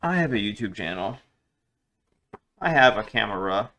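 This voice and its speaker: A man's voice: fairly low pitch, lively intonation, moderate pace, bright, forceful tone. A man chatting casually in a home kitchen while he cooks, rambling and joking about himself. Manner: rambling, self-deprecating, joking. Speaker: cooking vlogger. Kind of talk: casual cooking vlog.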